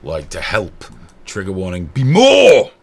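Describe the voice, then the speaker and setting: A man's voice: low-pitched, huge pitch swings, a little slow, creaky. A man hosting a show, joking crudely and swearing a lot. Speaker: show host. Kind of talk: crude comedic banter.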